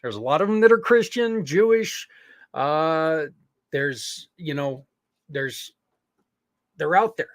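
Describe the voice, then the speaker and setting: Animated and taking his time, a sincere podcast host in a fairly high register appeals to his audience, rambling through asides and fillers and leaving long pauses. The sound is intimate and dry, with no room audible at all.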